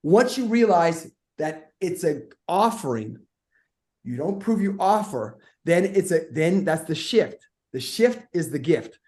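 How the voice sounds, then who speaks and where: A middle-aged man talks with real energy, telling stories in a podcast conversation and slipping into the voices of the people in them. His voice sits a little high and swings up and down. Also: sing-song, a little slow, a little mellow. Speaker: guest speaker. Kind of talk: animated storytelling in a podcast conversation.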